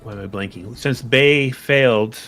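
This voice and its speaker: A man narrating and explaining the rules as game master of a tabletop game, unhurried, with fillers and restarts. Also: mid-range voice, a bit bright, soft background music.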